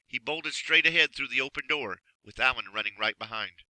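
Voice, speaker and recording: A man reads a children's story aloud, expressive and measured, pacing every sentence with care. His voice is strikingly bright and sharp, recorded close and dry, with no room sound. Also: medium pitch, no room sound, poor audio. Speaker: narrator. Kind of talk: storybook reading.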